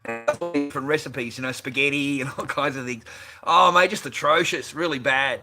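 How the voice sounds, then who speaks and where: A man's voice: medium pitch, normal speed, sharp tone, soft background music. A middle-aged Australian man chatting casually and profanely on a phone livestream, rambling and laughing often. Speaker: livestream host. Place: garage workshop. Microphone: phone on a holder.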